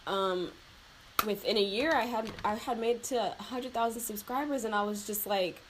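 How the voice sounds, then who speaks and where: A woman's voice: on the high side, normal speed, background noise. A young woman, a beauty vlogger, chatting loosely while she does her makeup. She sounds heartfelt and close to tears, with lots of fillers and laughter. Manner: emotional and heartfelt, near tears. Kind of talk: casual chat while doing makeup.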